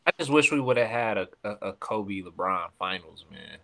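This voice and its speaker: A man's voice: on the low side, expressive, normal speed, gravelly, bright, forceful tone. Guy cohosting a podcast, emphatic, asks stuff, swears casually. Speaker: podcast co-host. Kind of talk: casual chat.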